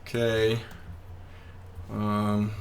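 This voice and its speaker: A man's voice: fairly low pitch, monotone, drawn-out words, a little hiss or hum. A young man giving casual, joking live commentary on the market as he trades, reading viewer comments aloud and chatting back. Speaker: day trader streaming live.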